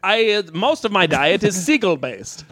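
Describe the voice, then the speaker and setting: A man putting on a pompous, mock-formal aristocrat who claims to be from the coast, speaking slowly and grandly. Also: sits high, big pitch swings, a bit bright, dry recording, full character voice. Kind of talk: improvised comedy bit.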